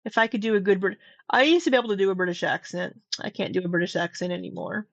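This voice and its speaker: A woman's voice: mid-range voice, fast talker, vocal fry, no room sound, dull audio. Skeptical woman doing reaction commentary. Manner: skeptical, questioning. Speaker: commentary youtuber.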